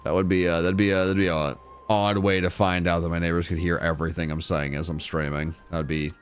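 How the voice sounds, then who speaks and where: A man's voice: deep voice, level tone, fairly quick, faint music behind. A man streaming live to his chat, giving casual game commentary and repeating phrases as he goes. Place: home room.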